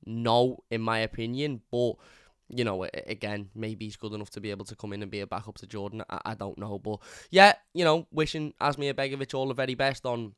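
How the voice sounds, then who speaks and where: A man's voice: lowish voice, fairly even intonation, a little fast, fairly bright tone, clear, resonant tone, dry recording, clean studio sound. A man hosting a fan channel, giving casual, opinionated football talk in a conversational way, often repeating words as he thinks.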